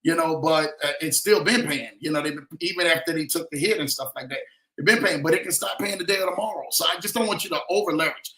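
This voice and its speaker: Animated man talking bright and high. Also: fast talker. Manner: animated, slangy, speaks of himself in third person. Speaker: livestream host. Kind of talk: casual livestream chat reading comments. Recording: echoey room.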